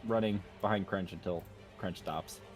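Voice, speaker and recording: A man playing a tabletop game, brash and quick to swear. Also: low voice, faint music behind. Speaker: player. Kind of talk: casual tabletop play.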